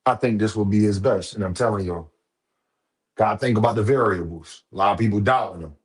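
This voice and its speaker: A man's voice: lowish voice, fairly quick. A man hosting a casual boxing live stream, talking straight to his viewers in a preachy, repetitive, profane way.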